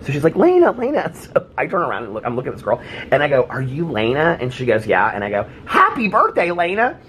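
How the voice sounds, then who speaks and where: A man's voice: mid-range voice, quick pace, slight background noise. A man vlogger telling a funny story, laughing and acting out other people's voices. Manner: animated, laughing storyteller who acts out voices. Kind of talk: casual storytelling vlog.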